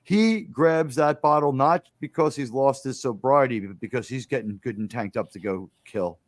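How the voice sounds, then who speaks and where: A man hosting a casual podcast chat about films, telling scenes in a lively, rambling way with lots of fillers and restarts. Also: medium pitch, normal speed, no room sound. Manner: animated storytelling, acting out movie lines. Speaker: podcast host. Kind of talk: casual film discussion.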